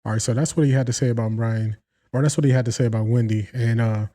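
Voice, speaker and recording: An American man hosts a sports show, breaking a story down for his viewers in a casual, talky way. His voice is very dark and mellow, and he acts out the lines he quotes. The pitch sits in the middle. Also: fast. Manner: animated, acts out quotes, addresses viewers directly.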